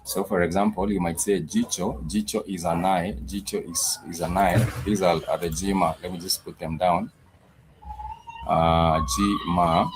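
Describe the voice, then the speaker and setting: Man teaching a language class, very deep voice, patient, repeats words, clear background noise. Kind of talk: live-streamed language lesson.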